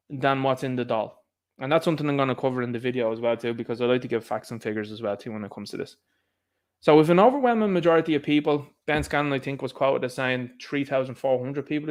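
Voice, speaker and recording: A man with an Irish accent giving a casual political monologue, sarcastic and animated, laughing at his own jokes. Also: mid-range voice. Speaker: political commentator.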